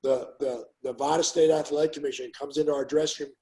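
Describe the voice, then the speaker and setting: An older man with a fairly high voice tells his fight stories in a relaxed, chatty way. He acts out the voices of the people in them with plenty of energy. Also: fast talker, low-quality recording. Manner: animated storyteller, acts out quotes loudly. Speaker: guest, former fighter. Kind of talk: casual storytelling interview.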